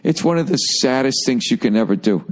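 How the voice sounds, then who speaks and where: A man's voice: mid-range voice, animated, a little fast. Profane, rambling man ranting to a podcast mic. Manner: profane, self-deprecating storytelling; loose, rambling, restarts mid-sentence. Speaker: podcast host. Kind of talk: casual comedic rant.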